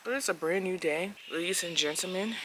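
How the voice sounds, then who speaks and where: A woman's voice: lowish voice, brisk, background noise. A woman telling a personal story casually to camera, earnest and emphatic, acting out the lines she quotes. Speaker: family vlogger.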